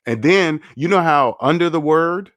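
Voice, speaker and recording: A man's voice: fairly high pitch, lively intonation, moderate pace, fairly bright tone, no room sound, clean studio sound. A man hosting a finance livestream, rambling and candid as he reads the chat aloud and chats casually.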